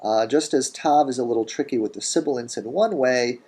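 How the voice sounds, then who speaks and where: A man teaching a grammar lesson in a recorded lecture, deliberate, saying each word form slowly and repeating it. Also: mid-range voice, a little mellow, breathy edge. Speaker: language teacher.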